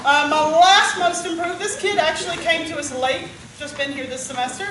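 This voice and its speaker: A woman who directs a band, announcing student awards at a banquet and calling out names with warm pride. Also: very high-pitched, normal speed. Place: school gym. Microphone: far from the recording device. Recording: echoey gym taped from far off. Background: crowd murmur and noise.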